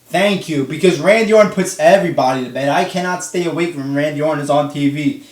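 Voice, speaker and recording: A young man delivers a profane, exasperated rant reviewing a wrestling show. His voice sits a little high. He is set back from the mic, and the room adds a noticeable echo. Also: fast talker. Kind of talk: casual vlog review. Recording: roomy echo, distant from mic.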